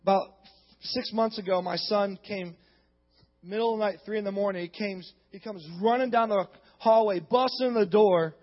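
Male pastor, very high voice, fiery sermon delivery, muffled recording with long reverb. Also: normal speed. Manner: emphatic preaching, rising to shouts. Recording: dull, long-reverb hall sound.

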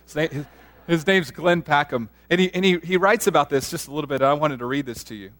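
Telling stories during his sermon, this pastor is earnest and animated, frequently starting sentences over. He talks fast, in a voice that's a little high.

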